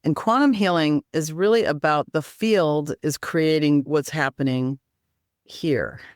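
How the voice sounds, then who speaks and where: A woman with a low voice, speaking a little slowly, is interviewed about healing practices and teaches simple exercises one step at a time. The recording is dry and clean, studio quality.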